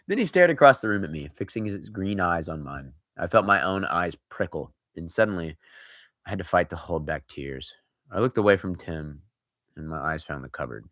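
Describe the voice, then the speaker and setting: Deep-voiced man reading a scary story. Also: expressive, moderate pace, fairly bright tone, dry recording, studio quality. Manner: breaks in with casual, joking asides.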